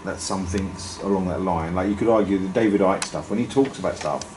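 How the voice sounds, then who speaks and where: A man's voice: low voice, fairly quick. Man, audience member, plain-spoken, wry, rambling, background noise. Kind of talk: casual group discussion. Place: meeting room. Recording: echoey room, noisy.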